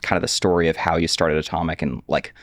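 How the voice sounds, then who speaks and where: A man hosting a podcast interview, asking questions in a relaxed, casual way with fillers. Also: a bass voice, quick pace, dry recording, studio quality. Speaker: podcast host.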